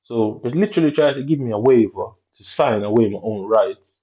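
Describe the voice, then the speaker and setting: A man telling a personal story in blunt, profane casual talk, voicing other people's lines with sudden high jumps. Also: animated, a little fast, warm tone. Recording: dull lo-fi recording.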